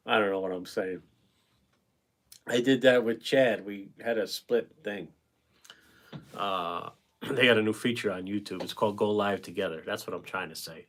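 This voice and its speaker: A man's voice: fairly low pitch, a bit bright. A man hosting a painting livestream, chatting casually and rambling as he reads out viewer comments and answers them. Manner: talkative, chummy with viewers.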